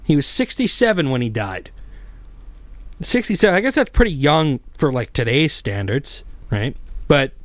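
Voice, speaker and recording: A man's voice: a little high, big pitch swings, moderate pace, dry recording. A man hosting a podcast, rambling casually and swearing constantly as he tells stories and reads news. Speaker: podcast host. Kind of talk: casual profane podcast monologue.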